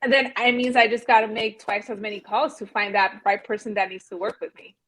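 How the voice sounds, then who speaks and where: A young adult woman speaks earnestly and candidly as a podcast guest, sharing her real estate experience. Her voice is husky and slightly breathy, pitched in an ordinary middle range, and she tends to talk fast. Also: level tone, fairly bright tone, poor audio. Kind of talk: podcast interview.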